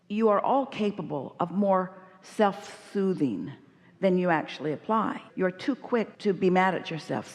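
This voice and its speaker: Emphatic woman speaking as "we" in an echoey hall. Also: on the low side. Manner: speaks as a collective "we", emphatic and explaining. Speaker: workshop speaker. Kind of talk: inspirational seminar talk answering an audience member. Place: large hall at a live workshop. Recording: echoey hall with long reverb.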